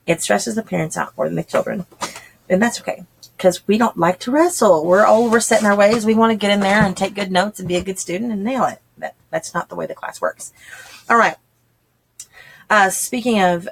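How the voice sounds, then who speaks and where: A homeschool channel host with a fairly low voice and vocal fry talks casually and chattily to homeschooling parents, acting out quoted voices as she explains. Slight background noise is audible.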